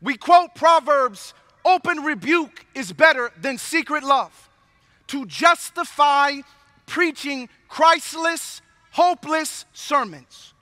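Male preacher, slow deliberate delivery, long reverb of a large hall. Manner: solemn low prayer, then animated storytelling preaching. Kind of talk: sermon.

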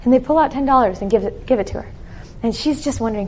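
Lady with a high voice telling church stories, acts out everyone she quotes. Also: fast talker, a little hiss or hum. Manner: animated storytelling with quoted voices. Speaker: speaker sharing ministry stories. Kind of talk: sermon-style storytelling.

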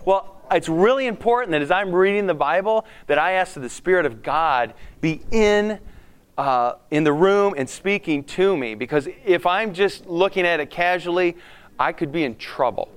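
A man, a school principal, giving a lively devotional talk to a live audience, often restarting his sentences and acting out his own prayers. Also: sits high, normal speed, clear, resonant tone. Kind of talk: sermon-style devotional talk.

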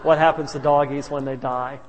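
A man's voice: medium pitch, flat delivery, moderate pace. A male pastor telling stories in a sermon, humorous and anecdotal with chuckling asides. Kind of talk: sermon storytelling. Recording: reverberant hall.

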